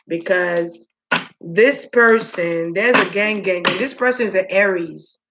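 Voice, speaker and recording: A woman's voice: mid-range voice, creaky, heavy background noise. A woman giving a casual spoken spiritual reading. She muses aloud, drawing out her words and talking straight to the spirits. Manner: musing, drawn-out, talks to the spirits directly. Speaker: spiritual reader.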